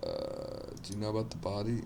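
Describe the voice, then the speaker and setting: A man's voice: on the low side, huge pitch swings, fairly quick, gravelly, noisy background. A man reading a video game's dialogue and narration aloud, adding crude asides along the way. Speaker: gaming video host.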